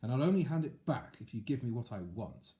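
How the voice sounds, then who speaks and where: A man's voice: medium pitch, sing-song, brisk, mellow, natural voice. A man voicing a brave young hero in a storybook, sounding eager and bold.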